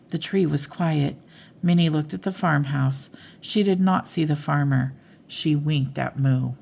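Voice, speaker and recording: An older woman reading a bedtime story aloud in a slow, gentle manner. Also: low voice, gravelly.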